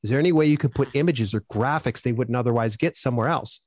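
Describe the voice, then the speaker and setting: A man's voice: medium pitch, quick pace, no echo. Upbeat man telling stories, dry sound. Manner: upbeat, animated storytelling with acted-out quotes. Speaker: self-publishing expert guest. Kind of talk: casual interview answers.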